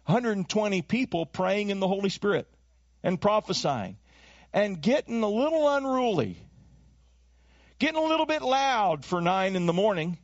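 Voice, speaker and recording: Man, pastor, sermon, high voice, very lively pitch, dull dry lo-fi recording. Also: normal speed, dry recording. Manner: animated preaching, acts out voices and accents.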